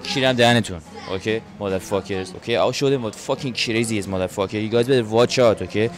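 Talking fast over music in a lowish voice, a brash man delivers a vulgar, comedic tour of his city while driving. Nearly every line ends with a questioning "okay?", and road and traffic noise plus car and street sounds fill the background.

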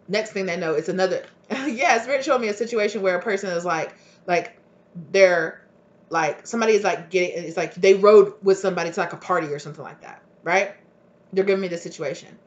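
A woman's voice: medium pitch, brisk. Female tarot reader, casual storyteller, plays out the people in her story, slightly muffled recording. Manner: animated storytelling, acting out voices of people in her stories. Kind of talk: casual tarot reading monologue.

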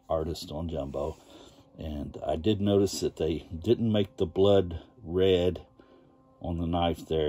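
A man hosting a casual vlog, showing his comic collection in a relaxed and enthusiastic way. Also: sits low, slightly rough. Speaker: comic collector channel host. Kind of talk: casual show-and-tell vlog.

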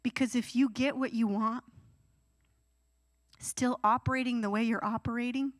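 A woman's voice: fairly high pitch, normal speed, no room sound. A young adult woman preaching a youth sermon, acting out whiny teenage pleas as she goes. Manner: animated, acts out whiny teenage voices. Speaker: youth pastor.

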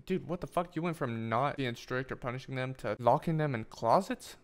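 Loud, profane man streaming a game. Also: medium pitch, fairly quick. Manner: loud, profane, jokey reactions. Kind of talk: live gameplay commentary.

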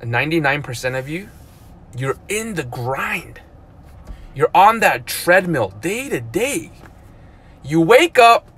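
A man in his thirties talking casually on a live stream, animated and full of "dude" and "like", with loud outbursts and mumbled asides. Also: on the high side, takes it slowly, pauses often, slightly rough. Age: 30s. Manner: lots of "like" and "dude", repeats himself. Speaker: vlogger.

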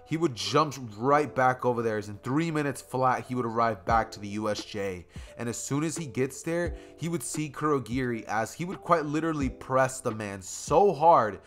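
A young man narrating a fan story in a casual, rambling storytelling style with repetitive phrasing. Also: medium pitch. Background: faint music.

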